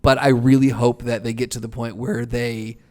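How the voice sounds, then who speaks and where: A man's voice: mid-range voice, flat delivery, moderate pace, a little mellow. A man co-hosting a podcast in casual comedic chat, swearing and egging on the jokes. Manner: laughs easily, swears, eggs on the jokes. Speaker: podcast co-host.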